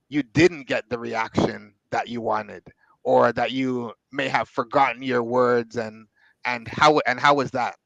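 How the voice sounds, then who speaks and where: A man hosting an interview, asking measured, encouraging questions. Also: mid-range voice, vocal fry, fairly bright tone, no room sound, low-quality recording. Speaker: host. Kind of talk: interview host.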